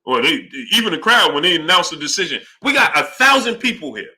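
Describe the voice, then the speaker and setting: A man's voice: sits high, quick pace. A man hosting a live boxing talk stream, arguing heatedly and greeting viewers by name. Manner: animated and heated, greets chat names.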